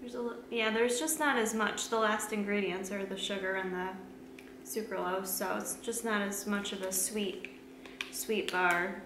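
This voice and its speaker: A woman fitness vlogger chatting casually through a snack taste test, laughing often and filling pauses with "like" and "um". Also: mid-range voice, steady tone. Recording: echoey room, faint background hum.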